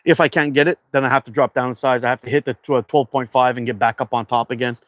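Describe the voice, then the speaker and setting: A man's voice: medium pitch, fairly even intonation, quick pace, a bit bright, slight background noise. A man from Canada hosting a casual livestream, chatting and reading viewer comments aloud in a loose, rambling way. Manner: laid-back, rambling with fillers. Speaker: livestream host.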